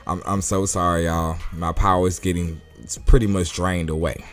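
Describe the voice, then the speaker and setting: A man's voice: low voice, steady tone, moderate pace, fairly bright tone. Goku, a man voicing a worn-out, apologetic fighter. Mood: strained. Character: weary, apologetic male fighter.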